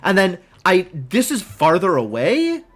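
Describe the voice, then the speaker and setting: A man's voice: high voice, huge pitch swings, unhurried. A man streaming a game live, thinking aloud in casual, rambling commentary full of "like" and puzzled questions to himself.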